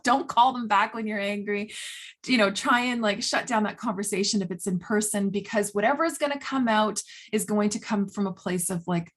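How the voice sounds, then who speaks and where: A woman health coach talking casually to camera, chatty and animated, with lots of filler words. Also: medium pitch.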